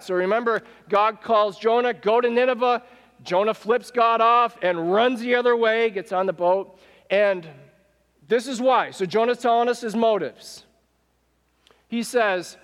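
Man, pastor, high voice, animated sermon, asks the congregation questions, long hall reverb. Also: measured pace. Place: church sanctuary.

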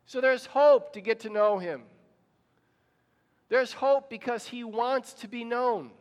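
A man's voice: very high voice, takes it slowly, long reverb tail. A man pastor preaching a sermon, telling the story and asking the congregation questions.

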